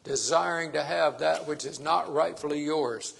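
A man's voice: a little high, normal speed, creaky, a bit bright, breathy edge. A man preaching a sermon, stressing his points by repeating phrases.

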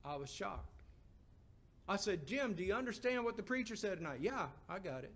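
High-voiced man preaching a sermon. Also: sing-song, normal speed. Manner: emphatic, rising questions and dropping to a hushed low voice.

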